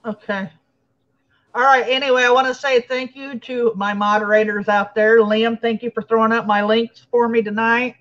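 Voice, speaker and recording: A woman's voice: a little high, level tone, moderate pace, fairly bright tone. A woman hosting a casual livestream, chatting and thanking viewers by name. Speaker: livestream host. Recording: lo-fi stream audio.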